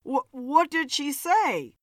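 A woman's voice: high-pitched, big pitch swings, slow, no room sound, clean studio sound, voice pushed up, full character voice. A woman voicing a bitter, self-pitying man who drinks hard, in an audiobook story. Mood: defensive.

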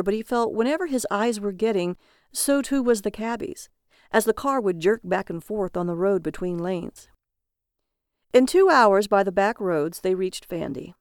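A woman reading a story aloud in a steady, measured narration. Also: mid-range voice, clear, resonant tone, no room sound, clean studio sound.

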